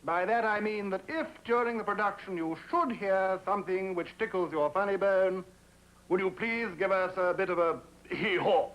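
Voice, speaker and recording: A man's voice: high-pitched, normal speed, muffled recording. A man making a polite, formal studio announcement to an audience. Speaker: producer and announcer. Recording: old TV audio with faint hiss.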